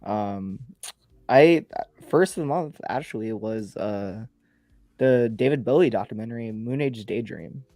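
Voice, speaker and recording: A man co-hosting a film podcast, hoarse and raspy from being sick, easygoing and halting. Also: lowish voice, dark tone, no echo. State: hoarse from illness. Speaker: podcast co-host. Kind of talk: casual film chat.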